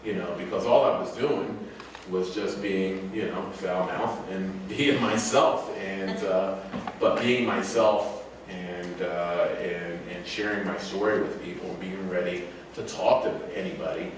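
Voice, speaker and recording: Low-voiced man rambling in an echoey room. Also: steady tone, a little slow. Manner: rambling, laid-back, swears casually, laughs often. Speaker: speaker telling travel stories. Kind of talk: casual public talk with audience questions. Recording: echoey room, mic far off, faint noise.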